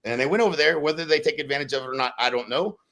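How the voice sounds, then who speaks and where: A man speaks in a bright, forceful voice. He talks casually and keeps things animated, breaking into loud acted-out quotes as he tells stories on a podcast. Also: fairly high pitch, very fast. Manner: animated, acts out quotes with sudden loud bursts. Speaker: real estate brokerage leader on a podcast.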